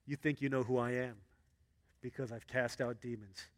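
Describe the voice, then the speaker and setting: A man preaching a sermon as pastor, acting out Bible characters in an excited voice and dropping low and hushed for earnest points. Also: moderate pace. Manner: animated, acts out Bible characters in a high excited voice.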